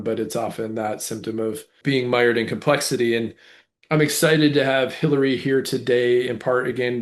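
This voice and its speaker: A man hosting a business podcast, talking in a friendly, easygoing way. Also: medium pitch. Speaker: podcast host. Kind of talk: casual podcast interview.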